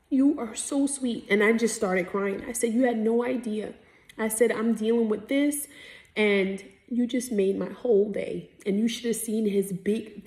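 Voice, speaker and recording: A woman's voice: on the low side, roomy sound. A woman in her thirties giving a casual devotional talk, telling a personal story and speaking to her listeners as family. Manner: warm, chatty storyteller who addresses listeners as family. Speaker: faith vlogger teaching her community.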